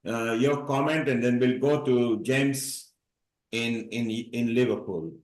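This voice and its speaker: A man's voice: medium pitch, fairly even intonation, slow, darkish tone, roomy sound, rough recording. A man hosting a live online celebration, introducing each participant with upbeat, playful remarks over a video call. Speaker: host of a live online event.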